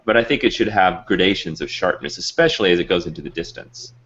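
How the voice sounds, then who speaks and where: A man with a very low voice hosts a casual online show, rambling through his thoughts with plenty of fillers. The audio comes across dull and lo-fi, like a video call. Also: expressive, quick pace, a bit bright. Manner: rambling, chatty, many fillers. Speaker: host.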